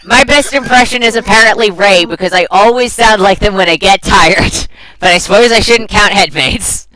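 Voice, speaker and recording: A woman's voice: medium pitch, normal speed, bright, forceful tone, poor audio. A woman chatting casually with friends as a tabletop game player, laughing often and poking fun at herself. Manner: laughs often, self-deprecating. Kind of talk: casual chat.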